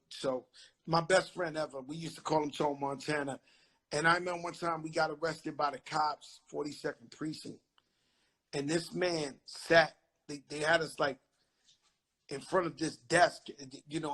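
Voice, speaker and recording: A husky, fairly high-pitched man with a New York accent tells street stories in a lively, profane way. He hosts a casual chat over a phone live stream, often acting out the voices he quotes. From the Bronx, New York. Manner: animated, swearing, acts out quotes loudly. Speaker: host. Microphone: phone on a live video stream.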